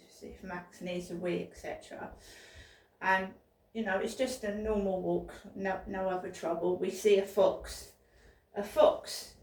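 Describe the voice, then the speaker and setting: Her mid-range voice has a darkish tone as she rambles through a personal anecdote for her casual vlog, frequently repeating herself and restarting lines. The diary-style clip was recorded at home from a distance, with a roomy sound.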